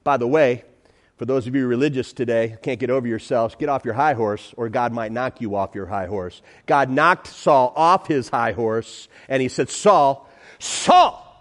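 A man's voice: medium pitch, moderate pace. A man preaching a sermon as pastor in a church, emphatic, repeating phrases and calling out to the congregation.

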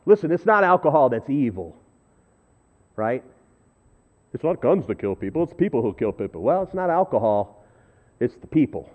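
Male pastor, conversational sermon, animated delivery, tinny phone-quality sound. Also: medium pitch, moderate pace, pauses often. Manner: conversational storytelling, self-deprecating; animated, shifting between loud and hushed. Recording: thin phone-like audio.

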